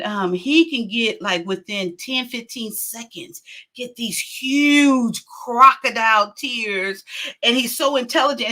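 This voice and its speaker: Woman host, middle-aged, high bright voice, chatty storyteller who laughs a lot. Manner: animated, laughs often, acts out quotes. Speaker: talk show host. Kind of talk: casual storytelling.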